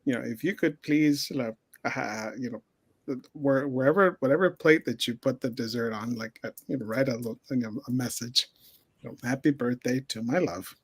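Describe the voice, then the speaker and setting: A man, a guest on a talk show, telling a story with many pauses and restarts. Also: medium pitch, slightly rough. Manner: hesitant, many fillers and restarts. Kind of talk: casual storytelling.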